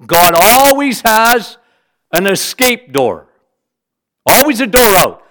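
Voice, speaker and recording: A middle-aged man preaching a sermon, animated, rising to emphatic bursts and dropping low for weight. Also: slow, pauses often.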